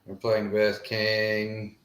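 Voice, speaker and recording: A man's voice: lowish voice, monotone, very slow, fairly bright tone, roomy sound. A middle-aged man co-hosting a live show, chatting casually and reading viewer comments, with a drawling manner and lots of filler phrases. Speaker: podcast co-host. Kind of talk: casual live-stream chat.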